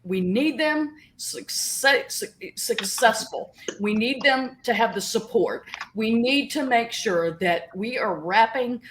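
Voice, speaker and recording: A woman's voice: a little high, animated, slow, few pauses, a bit bright, slight background noise. A woman from a chamber of commerce giving heartfelt, emotional closing remarks at a panel over a video call.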